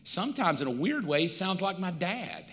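A man's voice: high voice, very animated, normal speed, a bit bright, big-room sound. A male pastor, preaching in a conversational, storytelling way with touches of humor. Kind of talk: sermon.

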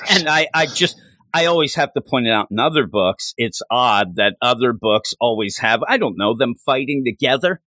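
A comic book podcast co-host, this man chats casually, rambling with enthusiasm and performing lines from the story. He has a mid-range, bright voice with lively intonation and a forceful tone, speaking at a moderate pace in a dry recording with no room sound.

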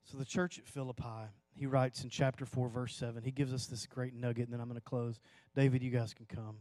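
A man preaching a sermon to a church audience, telling a personal story that swells into impassioned pleading and drops to hushed, slow emphasis. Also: mid-range voice, level tone, no echo. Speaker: pastor.

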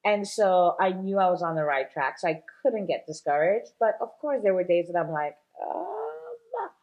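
A woman's voice: on the low side, moderate pace, muffled recording. A woman guest in a casual interview, a shop owner talking chattily with many fillers and easy laughs.

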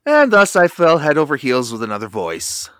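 A man's voice: a little high, wildly swooping pitch, normal speed, fairly bright tone, clear, resonant tone, dry recording, studio quality. A man co-hosting a podcast, chatting casually and reeling off facts and credits. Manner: informative, lists facts and credits. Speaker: podcast co-host.

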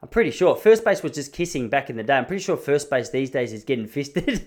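A man in his thirties with an Australian accent tells rambling, self-mocking comic stories in casual chat, often restarting phrases. His medium-pitched voice is a little mellow, very animated and fast, with few pauses.

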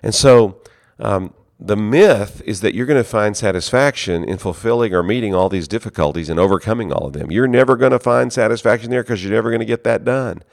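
A man's voice: low-pitched, no room sound, clean studio sound. A man who leads a seminary, giving an earnest, conversational ministry talk. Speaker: seminary leader.

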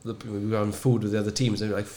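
A man, a former sevens player and guest on the show, recalling a tournament in a rambling way full of fillers, brightening at the high points. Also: flat delivery, rapid-fire, slight background noise. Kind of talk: casual interview recollection.

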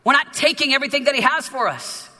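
Guy preaching a sermon, really high voice, emphatic, lots of repeats, echoing around a big church hall. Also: fast. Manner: emphatic, animated preaching with repetitions.

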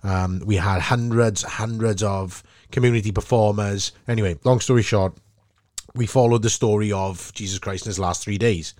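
A Welsh podcast host with a somewhat low voice tells a story in an animated way and laughs easily. The sound is close and dry. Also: male voice, normal speed, no room sound. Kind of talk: casual chat, storytelling.

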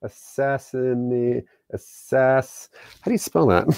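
A man casually leading a creative story brainstorm, talking in an animated way and often jumping into quick acted bits. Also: mid-range voice, clean tone, no echo, studio quality.

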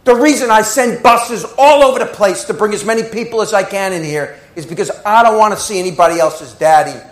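A man preaching a sermon, telling stories with swings between hushed and loud delivery. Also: high voice, brisk, echoey room, low-quality recording. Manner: emotional, dramatic storytelling with swings from hushed to loud. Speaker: pastor.

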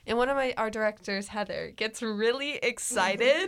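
A woman's voice: a little high, moderate pace, fairly bright tone. A teenage girl co-hosting a casual podcast, telling stories with lots of giggles. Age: late teens. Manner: giggly storyteller. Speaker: podcast co-host. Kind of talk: casual chat.

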